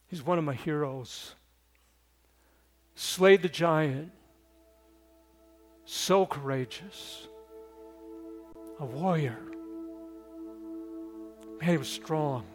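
An older man preaches a sermon at a slow, deliberate pace. His voice sits fairly high for a man. He swings from lively, raised storytelling to quiet, earnest pleading. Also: faint music behind. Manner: earnest, shifts from loud storytelling to hushed pleading. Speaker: pastor.

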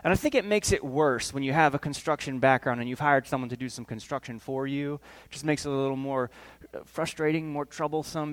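High-voiced animated male preacher. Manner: animated, acts out voices, asks the room questions. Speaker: pastor. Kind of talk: sermon with storytelling.

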